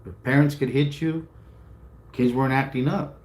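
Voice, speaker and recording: A man's voice: mid-range voice, steady tone, normal speed, a little mellow. A man co-hosting a casual chat, telling a story animatedly, acting out the voices of others and swearing freely. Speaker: co-host. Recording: roomy with faint background noise.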